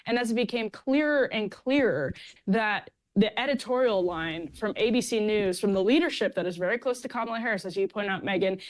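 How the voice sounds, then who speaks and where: A woman political commentator delivering emphatic, scornful opinion. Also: medium pitch.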